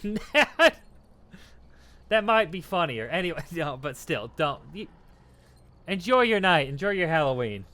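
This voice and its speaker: A man's voice: fairly high pitch, big pitch swings, moderate pace, fairly bright tone. A tipsy man streaming a game, rambling casually, laughing and thanking his chat.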